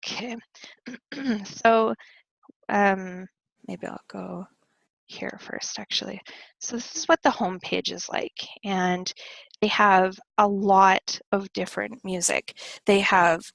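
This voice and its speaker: A woman teaching English pronunciation in a relaxed live online lesson, explaining step by step with frequent fillers. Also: mid-range voice, takes it slowly, vocal fry, dry recording, poor audio.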